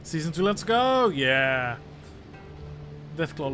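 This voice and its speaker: A man livestreaming a strategy game, his pitch lively and bouncing up and down as he jokes. He chats with his viewers in a loose, casual way, and music plays steadily behind his voice. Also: normal speed, long pauses. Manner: joking, chatty, talks to viewers. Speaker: historian streaming a strategy game.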